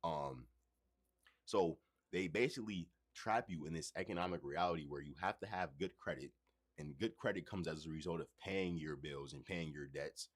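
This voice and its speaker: A man's voice: a bass voice, normal speed. A man hosting a casual livestream, talking loosely and with profanity straight to his chat. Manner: loose, profane, conversational, addresses chat directly. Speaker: livestream host.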